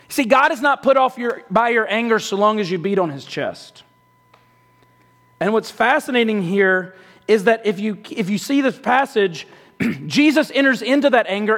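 A man delivers a sermon in a relaxed, conversational way and often sinks to a hushed tone for emphasis. His voice sits high for a man. The room carries a long, ringing reverb, like a large church hall. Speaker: pastor.

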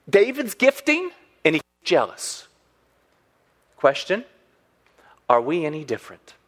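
Animated man preaching a sermon. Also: fairly high pitch. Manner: animated, acts out quoted voices. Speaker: pastor.

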